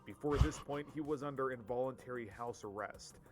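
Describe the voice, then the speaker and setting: Man as fed-up game master, cartoon skit, dry narration, clear music underneath. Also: medium pitch, a little fast, close to an everyday voice. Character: exasperated male game master.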